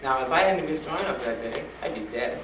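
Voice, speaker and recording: A man speaking to students, telling a personal story with animated retellings and frank urging. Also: medium pitch, fast talker. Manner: animated, acts out dialogue, laughs often. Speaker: guest speaker at a school. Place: school hall with an audience. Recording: roomy old tape from a distant mic, noisy.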